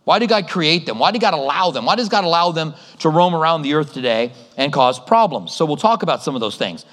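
A man's voice: fairly high pitch, lively intonation, a little fast, fairly bright tone. A middle-aged male pastor preaching a sermon, telling stories and acting out the voices of others. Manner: conversational storytelling with acted-out voices. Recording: long reverb of a large hall.

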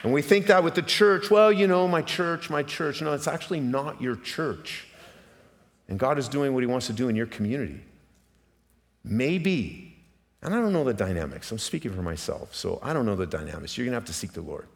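A middle-aged man preaching a sermon to his congregation, passionate and direct, asking rhetorical questions and swinging between hushed and loud emphatic moments. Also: mid-range voice, expressive, brisk, creaky. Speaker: pastor. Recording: long reverb of a large hall.

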